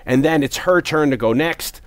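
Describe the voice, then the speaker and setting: A man in casual conversation, animatedly retelling a movie scene and loudly acting out quoted lines. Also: fairly high pitch, normal speed, no room sound.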